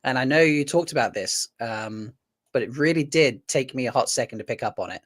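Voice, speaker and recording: A man hosting a live after-show stream, relaxed and chatty, reading out viewer comments while working his screen. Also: mid-range voice, brisk. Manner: relaxed, reads chat comments aloud, talks while doing tasks on screen. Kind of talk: casual live-stream chat.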